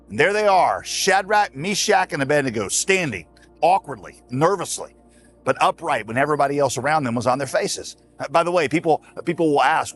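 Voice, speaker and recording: Man, pastor, sermon, animated pitch, folksy, emphatic, direct address. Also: a little fast, soft background music.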